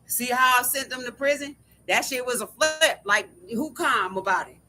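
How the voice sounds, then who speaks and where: A woman's voice: sits high, normal speed. A woman delivering an angry, profane monologue to camera, repeating herself again and again.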